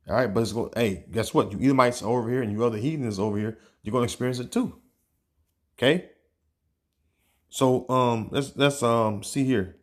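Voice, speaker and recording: A man giving informal religious teaching, talking loosely with many fillers and reading passages aloud as he searches for them. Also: mid-range voice. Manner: casual, peppered with "man" and "all right"; reads scripture and news aloud, pausing to search. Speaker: online preacher.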